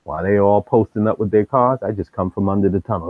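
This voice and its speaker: A man's voice: lowish voice, fast talker, no echo. Streetwise man telling stories on a tinny line. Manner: streetwise slang, animated acting out of quotes. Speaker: live stream host. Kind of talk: casual storytelling. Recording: tinny phone-like dry sound.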